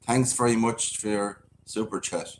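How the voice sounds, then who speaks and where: Guy on a live chat, lowish voice, jokey, faint noise in the back. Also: steady tone, moderate pace. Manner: joking, teasing banter. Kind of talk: casual live-stream chat.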